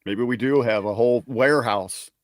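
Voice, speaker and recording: A man's voice: mid-range voice, moderate pace, a loud crowd. A man co-hosting a casual podcast who asks easygoing, joking questions. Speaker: podcast co-host. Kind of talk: casual chat.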